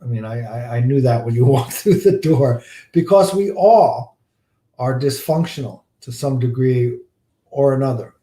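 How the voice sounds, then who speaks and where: A man's voice: medium pitch, measured pace, mellow, reverberant. A man, a pastor, teaching a church class with a folksy storytelling manner, often repeating words and using fillers.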